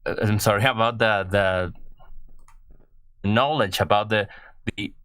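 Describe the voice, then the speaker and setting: Male caller with a Mexican Spanish accent, lowish smooth voice, slow and halting, pausing to find his words. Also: a bit bright, no room sound. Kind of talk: casual call-in chat.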